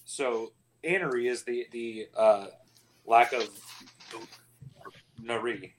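A man's voice: mid-range voice, takes it slowly, slight background noise, rough recording. A man hosting a casual podcast round table, rambling and self-deprecating. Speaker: podcast host.

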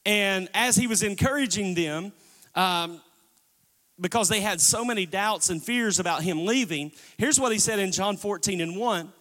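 A man's voice: high voice, moderate pace, fairly bright tone. A man preaching a sermon as pastor, calling on the congregation to respond. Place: church sanctuary. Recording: long church reverb.

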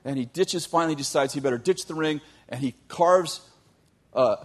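A man telling a long story in a sermon, animated, with joking asides to his audience. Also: fairly high pitch, moderate pace. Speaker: youth teacher.

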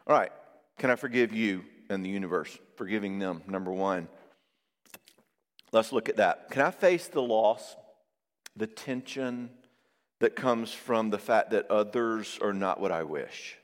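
A man preaching a sermon on marriage, lively and conversational, acting out quoted voices now and then. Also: lowish voice, measured pace. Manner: animated, acts out quoted voices. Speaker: pastor and therapist. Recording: long reverb of a hall.

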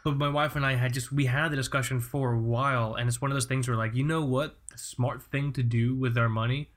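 A man's voice: mid-range voice, fairly even intonation, brisk. Profane rambling man telling stories. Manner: profane, rambling, laughs often. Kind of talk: casual comedic storytelling.

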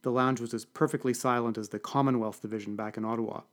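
A man's voice: medium pitch, fairly even intonation, fast talker. A man giving a dry, wry first-person audiobook narration.

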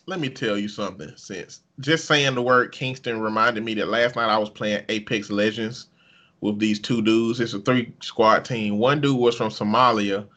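A man with a Southern US accent, co-hosting a casual comedy podcast and telling animated stories. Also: normal speed. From American South. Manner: animated storyteller, breaks into loud high-pitched outbursts. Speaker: podcast co-host.

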